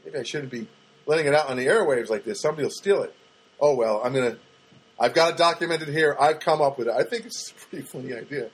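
A man's voice: mid-range voice, slightly rough, low-quality recording. A man from the United States hosting on the radio, rambling through a solo monologue with stammered restarts and wry asides. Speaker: radio host.

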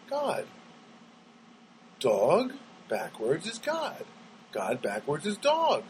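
At home, a man with a high-pitched, husky voice delivers a rambling comic monologue, telling his story with animation. He stammers and restarts as he goes. The recording is rough.

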